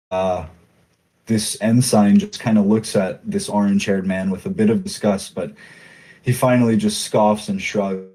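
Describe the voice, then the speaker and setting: A man running a tabletop role-playing game as game master, describing scenes in a relaxed, halting way with many fillers. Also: on the low side.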